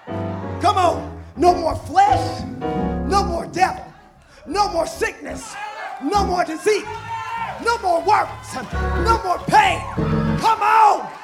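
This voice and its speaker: A man preaching a sermon, shouting and chanting repeated phrases in a live church service. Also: very high-pitched. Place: church sanctuary. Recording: live church with music and congregation. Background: organ music and responding crowd.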